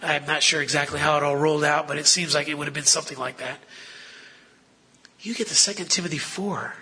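Male preacher, chatty sermon full of rhetorical questions, husky and sharp-toned. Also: fairly high pitch, steady tone, brisk.

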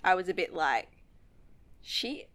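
A woman's voice: lowish voice, expressive, moderate pace, fairly bright tone. A woman co-hosting a podcast, chatty and reactive in casual chat about a TV episode. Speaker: podcast co-host.

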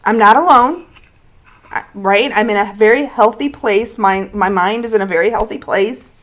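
A woman's voice: mid-range voice, normal speed, fairly bright tone. A woman co-hosting a podcast, speaking candidly and personally about her own life in casual chat. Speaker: podcast co-host.

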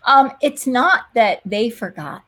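Woman, husky voice, higher pitch, fervent, animated, interview guest, faith storytelling. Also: slow. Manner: animated, fervent, laughs often. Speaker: guest, missionary nurse. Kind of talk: emotional faith storytelling in conversation.

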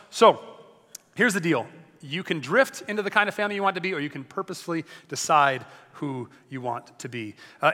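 Bright, high-voiced male preacher. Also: in a large hall. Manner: energetic, joking, conversational preaching. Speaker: pastor. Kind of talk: sermon.

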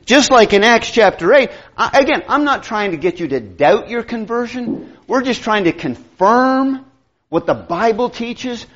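Male preacher, middle-aged, high lively voice, sermon, acts out conversations, muffled lo-fi sound. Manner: animated, acts out dialogue with quick asides.

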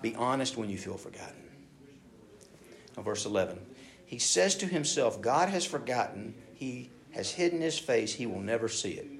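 A male pastor delivering a sermon, reading scripture and then talking straight to his listeners. His delivery is animated, swinging between forceful emphasis and quiet, hushed asides. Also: mid-range voice, moderate pace. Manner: reads scripture aloud, then speaks to the congregation directly.

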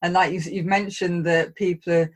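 Lower-voiced woman host, encouraging, stumbles and restarts. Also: level tone, normal speed. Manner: warm, encouraging, hesitant restarts. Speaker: podcast host. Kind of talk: interview chat.

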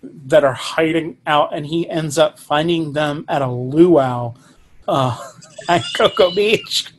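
A man's voice: on the high side, slow, slight background noise. A man co-hosting a podcast, summarizing a film's plot and joking with mock seriousness. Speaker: podcast co-host. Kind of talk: casual movie review chat.

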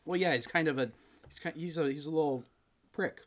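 A man hosting a podcast, chatting casually and retelling a film with lively acted-out quotes. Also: on the high side, brisk. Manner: animated storytelling, acts out quotes. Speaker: podcast host. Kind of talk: casual chat.

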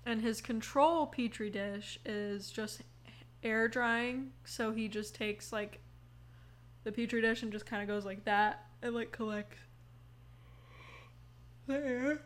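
A woman's voice: fairly high pitch, steady tone, takes it slowly, pauses often. A woman in her twenties hosting a casual podcast, rambling with lots of fillers, yawning now and then and swearing casually. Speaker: podcast host. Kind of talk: casual chat. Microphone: headphones on, recording mic.

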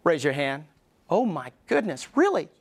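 A middle-aged man preaching a sermon as pastor in a church, emphatic, with pauses, and acting out the voices he quotes. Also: on the high side, sing-song, slightly rough. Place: church sanctuary.

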